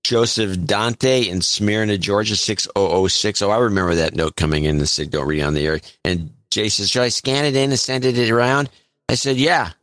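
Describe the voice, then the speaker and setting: A man's voice: fairly low pitch, normal speed, a bit bright, no room sound. A man co-hosting a podcast, casually reading out donor names and towns and stumbling over some of them. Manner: reads names and cities, stumbles on pronunciation. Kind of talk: casual chat.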